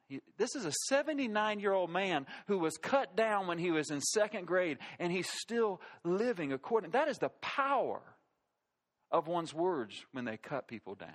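Male pastor, middle-aged, sermon, animated storyteller, high voice, swooping pitch. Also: moderate pace. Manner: animated storytelling, quotes people in character, laughs at his own stories.

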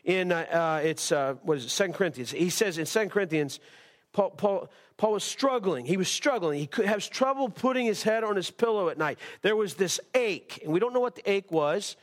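A man preaches to his congregation in a slightly high voice. He is impassioned, repeating himself and circling back as he builds each point. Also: lively intonation, brisk. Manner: impassioned preaching with repetitions and restarts. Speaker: pastor. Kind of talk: sermon. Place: church service.

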